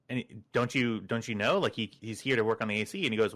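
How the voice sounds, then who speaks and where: A man's voice: fairly low pitch, fast, few pauses. A man chatting casually before a tabletop game, telling a story and acting out what other people said. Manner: animated storyteller, acts out other people's lines. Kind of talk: casual pre-game banter.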